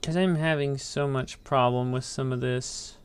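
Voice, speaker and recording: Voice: mid-range voice, steady tone, a little slow, a little hiss or hum. A game streamer giving casual, profane commentary while getting frustrated with the controls. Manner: frustrated, swearing, ranting at the game.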